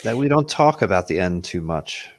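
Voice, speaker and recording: Guy playing his character at a tabletop game, formal and solemn, kinda low voice. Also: sing-song, moderate pace. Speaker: player. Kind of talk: in-character role-play.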